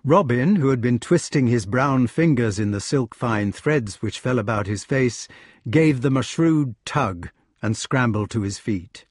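A man narrating an audiobook with expressive storytelling. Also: mid-range voice, unhurried, dry recording, studio quality.

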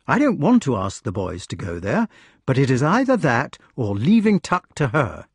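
A man's voice: medium pitch, huge pitch swings, normal speed, husky, no echo, clean studio sound, exaggerated voice. A man voicing a cheerful, shrewd male outlaw leader in a storybook reading, with a hearty, commanding manner.

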